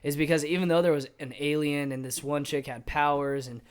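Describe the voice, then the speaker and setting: A man with a slightly higher-than-usual voice chats in a relaxed way about a show he liked. He agrees often with a quick "right" or "yeah" and leans on "you know" as he lays out his points. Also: smooth. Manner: easygoing, lots of "you know" and short agreements. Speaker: podcast co-host. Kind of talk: casual movie review chat.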